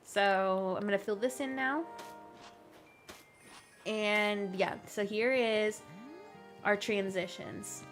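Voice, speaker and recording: A woman's voice: mid-range voice, slow, pauses often, soft background music. A woman live streaming a game, chatting casually, rambling and laughing often as she jokingly complains about her pets. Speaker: gaming streamer.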